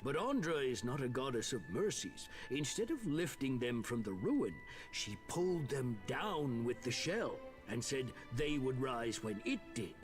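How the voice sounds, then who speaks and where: Game NPC: portly, jovial ex-bodyguard nobleman, booming and theatrical, lively sing-song delivery. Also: measured pace, music in the background. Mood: storytelling. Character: jovial portly middle-aged male noble, former royal bodyguard. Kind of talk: video game voice acting.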